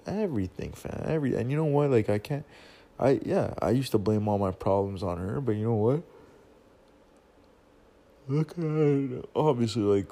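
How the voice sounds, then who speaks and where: A young man with a low, gravelly voice and a dark, mellow tone. He rambles through a profane, slang-heavy rant, telling a personal story the casual way.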